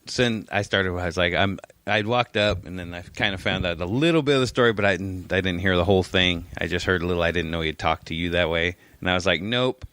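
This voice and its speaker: A man's voice: low-pitched, quick pace, hardly any pauses, a bit bright, no echo. A man co-hosting a casual chat, full of crude, joking banter. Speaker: podcast co-host.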